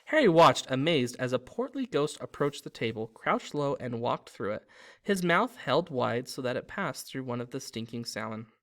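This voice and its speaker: A man narrates a story aloud at an even, steady pace. His voice sits at a middle pitch, and he makes small slips and restarts as he reads. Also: moderate pace. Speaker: reader.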